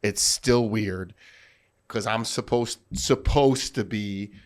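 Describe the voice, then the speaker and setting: A man's voice: on the low side, slow. A man hosting a podcast, asking long probing questions and reflecting openly on his own struggles. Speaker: podcast host. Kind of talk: conversational interview.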